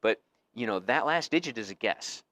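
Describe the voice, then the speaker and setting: A man's voice: medium pitch, animated, normal speed, sharp tone, no echo. A male teacher giving a casual recorded lecture, explaining things conversationally with frequent fillers.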